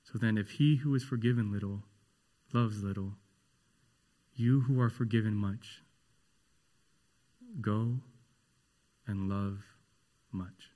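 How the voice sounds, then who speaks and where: A man preaching a sermon in a slow, earnest and emphatic way. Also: fairly low pitch, dark tone.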